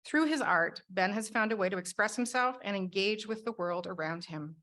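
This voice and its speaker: A woman on an award selection team presenting prepared remarks in a measured, read-aloud manner. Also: mid-range voice, a bit bright.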